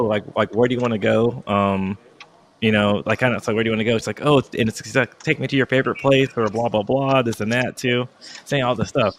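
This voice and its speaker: A man's voice: medium pitch, a bit bright, a little hiss or hum. A man in his thirties in casual podcast chat, telling a long story with lots of fillers and restarts, acting out his own past lines with heat. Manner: rambling, halting, full of fillers and restarts.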